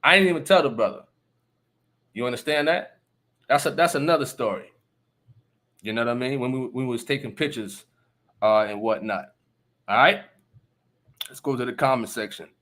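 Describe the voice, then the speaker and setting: A man's voice: mid-range voice, normal speed, long pauses, fairly bright tone. A man hosting a casual live stream, talking emphatically and often asking listeners if they understand. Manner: laughs between remarks. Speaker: livestream host.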